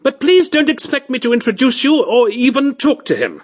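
A man narrating a storybook and voicing a cultured, disdainful male cat aristocrat with a high, reedy tenor voice. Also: wildly swooping pitch, moderate pace, breathy edge, lo-fi sound, heavily acted. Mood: weary. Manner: fussy, disdainful, plummy.

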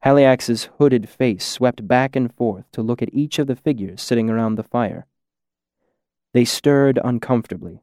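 A man narrating a fantasy story in a measured, deliberate reading. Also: mid-range voice, a little mellow, dry recording, clean studio sound. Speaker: audiobook narrator.

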